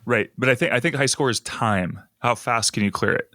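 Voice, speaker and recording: A man's voice: mid-range voice, brisk, sharp tone, dry recording, clean studio sound. A man co-hosting a podcast, chatting casually, thinking aloud and laughing along with his partner. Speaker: podcast co-host. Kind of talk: casual chat.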